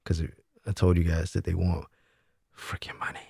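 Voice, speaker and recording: A young man from New hosts a loose livestream, his low voice close and dry with no room sound. He talks bluntly and swears freely, restarting his sentences as he goes. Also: little pitch movement, a little fast, creaky, dark tone, breathy edge, dry recording. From Brooklyn, New York. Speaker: livestream host. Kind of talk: casual livestream chat.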